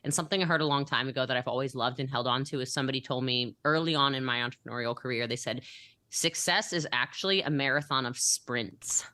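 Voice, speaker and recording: A woman telling a personal story as a podcast guest, animated and giggly, upbeat in manner. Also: a bass voice, rapid-fire, hardly any pauses, dry recording.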